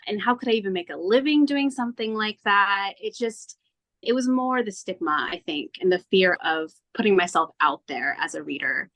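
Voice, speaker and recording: A woman being interviewed as a tarot reader, telling her story in an earnest, animated way and acting out her own past thoughts. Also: medium pitch, moderate pace. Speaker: tarot reader, podcast guest.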